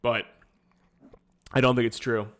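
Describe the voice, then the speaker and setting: A Nova Scotian man streams live, reacting to videos and chatting casually at a slightly slow pace. His medium-pitched voice barely moves in pitch as he rambles along with plenty of fillers and offhand swearing.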